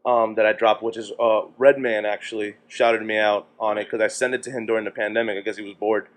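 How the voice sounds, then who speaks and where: A man from New Jersey, a podcast guest, chatting casually and telling stories with quick back-and-forth quotes. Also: fairly low pitch, level tone. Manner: rapid storytelling, acting out quoted exchanges. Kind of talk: casual chat.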